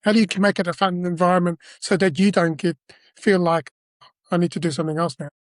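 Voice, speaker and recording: A man's voice: sits high, steady tone, fast, no echo, studio quality. A man hosting a podcast, asking questions in thoughtful, searching phrasing. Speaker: podcast host. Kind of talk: interview questions.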